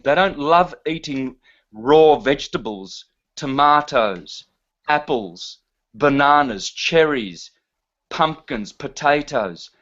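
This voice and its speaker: A man's voice: a little high, expressive, slow pace, a bit bright. A man talking in a casual chat, emphatic and preachy in manner. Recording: dull lo-fi sound.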